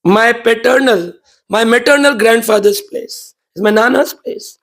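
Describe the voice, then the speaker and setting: Devoted young boy, gentle and earnest, high voice with some grit, voiced by a man telling the story. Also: measured pace, exaggerated voice.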